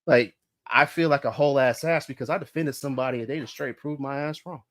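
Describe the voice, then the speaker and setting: A man's voice: medium pitch, fast talker, fairly bright tone. A man hosting a livestream podcast, ranting in a profane, confrontational way and repeating his points for emphasis. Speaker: podcast host. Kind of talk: heated livestream rant. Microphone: streaming mic.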